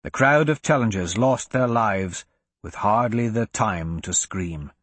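A man narrating a fantasy audiobook in an expressive storytelling manner. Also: fairly low pitch, measured pace, slightly rough, no echo.

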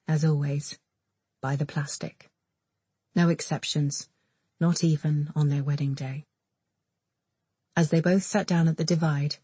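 Low, husky woman narrating. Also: dark tone, no echo. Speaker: audiobook narrator. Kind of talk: scripted narration.

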